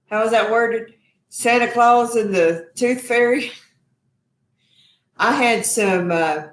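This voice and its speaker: A woman hosts a live cooking stream from her kitchen at home. She talks in a chatty, effusive way and keeps calling her viewers y'all. Her voice sits at an ordinary middle pitch, and the room gives it an echo. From Texas. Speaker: cooking show host.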